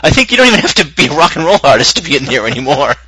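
A man's voice: on the high side, big pitch swings, rapid-fire, pushed and bright, breathy edge, dry recording, poor audio. A man co-hosting a podcast, rambling and swearing casually and laughing often. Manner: profane, rambling, laughs a lot. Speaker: podcast co-host.

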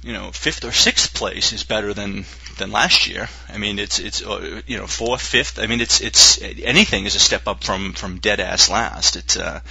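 Guy hosting a podcast, husky, rambly, jokey, lots of uhs. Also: lowish voice, normal speed, hardly any pauses, pushed and bright, no echo, low-quality recording. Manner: rambling, joking, many fillers and restarts. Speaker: podcast host. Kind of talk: casual sports podcast banter.

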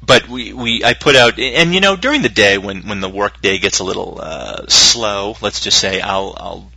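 A husky-voiced man rambles through casual podcast banter, swearing and laughing as he goes. His pitch bounces around, and the recording is dry and close. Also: animated, normal speed, sharp tone, no room sound, rough recording. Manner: profane, rambling, laughs a lot. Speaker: podcast co-host.

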